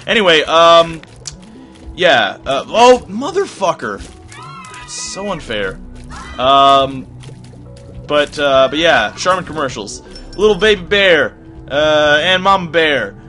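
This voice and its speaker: A young man giving casual gameplay commentary, rambling off-topic and swearing, with sudden loud outbursts. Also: a little high, big pitch swings, slow, long pauses, soft background music.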